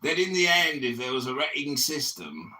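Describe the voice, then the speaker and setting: A man hosting his own political podcast, wrapping up in a low-key, chuckling way and plugging his websites. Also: big pitch swings, normal speed, sharp tone, roomy sound, distant mic. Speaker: political candidate and podcast host. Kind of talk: casual wrap-up talk.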